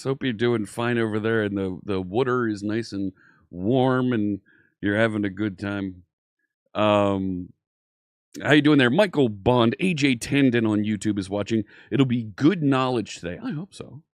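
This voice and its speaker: A man's voice: fairly low pitch, no room sound, studio quality. A man hosting a live coding stream, chatty and upbeat, greeting viewers in the chat by name.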